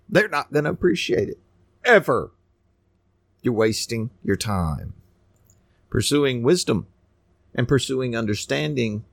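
A man preaching a sermon in an animated, scornful way, building to near shouts. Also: medium pitch, a little slow, creaky, dry recording.

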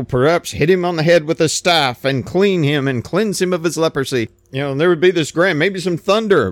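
A man preaching a sermon, retelling a scripture story in plain everyday words with animated storytelling. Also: on the high side, no echo.

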